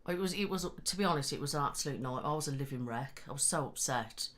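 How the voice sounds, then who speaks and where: A woman's voice: very deep voice, lively intonation, fast talker. A young woman with a West Midlands accent chatting casually on a live stream, rambling and laughing often. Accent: West Midlands English. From West Midlands, England. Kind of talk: casual chat.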